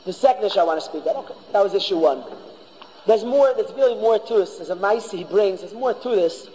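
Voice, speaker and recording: Rabbi lecturing a yeshiva class: high voice, emphatic, repeats himself, long hall reverb. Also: male voice, expressive, quick pace, mellow. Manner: emphatic, repeats and restarts phrases. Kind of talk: Torah lecture.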